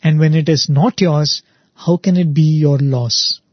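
A man voicing a wise man, slow and measured. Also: on the high side, steady tone, husky, no room sound, lo-fi sound. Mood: chiding. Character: wise old man, calm and stern.

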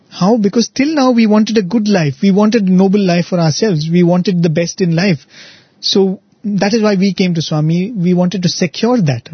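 A man with a fairly high, husky voice gives a spiritual talk. He tells a devotional story and keeps checking in with his listeners with "right?" and "you know". The recording is dry and a little muffled. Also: no echo. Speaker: devotional speaker.

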